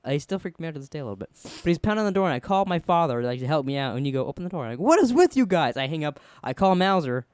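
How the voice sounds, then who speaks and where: A man's voice: a little high, rapid-fire, few pauses, clean tone, no room sound, clean studio sound. A young man co-hosting a podcast, rambling through stories in casual chat, acting out quotes and swearing often. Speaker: podcast co-host.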